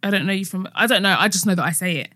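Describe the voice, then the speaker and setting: Quick chatty woman podcaster. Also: medium pitch, sharp tone, dry recording, clean studio sound. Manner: quick, chatty, lots of short reactions. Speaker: podcast co-host. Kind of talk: casual chat.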